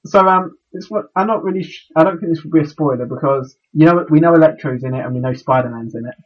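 Male podcast co-host, husky, slightly high, stumbles over words, lo-fi recording. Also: quick pace. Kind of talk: casual podcast chat.

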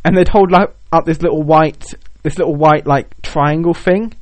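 A man's voice: on the high side, fairly even intonation, moderate pace, no room sound. Rambling young man, dry close sound. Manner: rambling, joking, many "like" fillers. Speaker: podcast co-host. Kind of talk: casual chat.

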